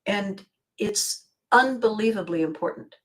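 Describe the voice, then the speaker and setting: Older woman host, solo monologue, circles the point, earnest and emotional. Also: mid-range voice. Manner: rambling, emotional, with frequent laughs and pauses. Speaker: podcast host. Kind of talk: personal monologue.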